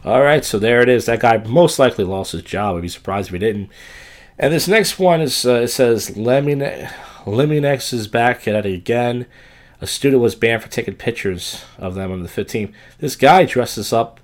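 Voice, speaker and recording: A man's voice: medium pitch, normal speed. A man hosting a show, giving rambling, profane, self-mocking commentary on clips. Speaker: show host reacting to clips.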